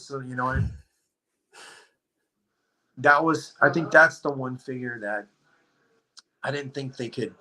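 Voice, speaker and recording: A man telling a story on a podcast, in a rambling, animated way, leaning hard on "like.". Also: medium pitch, slow, pauses often, poor audio. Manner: rambling, animated, heavy use of "like". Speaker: podcast guest. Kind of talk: casual storytelling chat.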